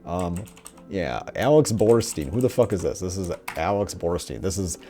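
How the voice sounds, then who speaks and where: A young man giving rambling, profane, mocking commentary, often putting on quick voices of characters. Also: deep voice, animated, warm tone. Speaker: commentator on a TV show. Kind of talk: casual ranting commentary.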